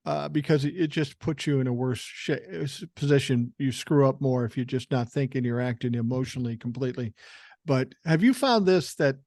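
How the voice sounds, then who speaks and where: A man's voice: medium pitch, brisk, a little mellow, no room sound, clean studio sound. An older man hosting a podcast in casual conversation, blunt and swearing freely, often repeating words as he starts a thought. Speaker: podcast host.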